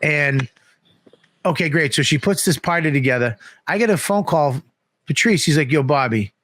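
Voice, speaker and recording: A middle-aged man telling animated, profane stories on a comedy podcast. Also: fairly high pitch, normal speed. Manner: animated, profane, acts out voices in his story. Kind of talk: casual storytelling on a comedy podcast.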